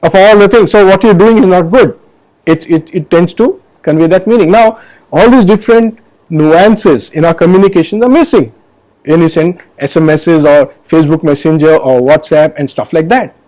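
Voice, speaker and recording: A man's voice: on the high side, moderate pace, a little mellow, rough recording. A man hosting an online health forum, talking to camera in an earnest, explanatory way with many fillers and restarts. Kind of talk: casual video talk to camera.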